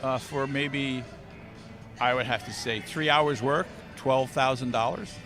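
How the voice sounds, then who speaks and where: A man appears as an interview guest in a casual chat, telling jokey stories with lots of animation. His mid-range voice moves a little slowly, and music plays in the background.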